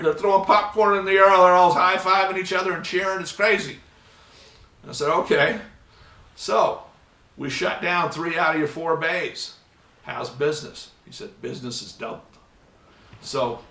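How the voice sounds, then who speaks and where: A man giving a lecture, telling a story and acting out both sides of a phone call, with sudden loud bursts. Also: fairly high pitch. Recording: roomy hall, mic at a distance.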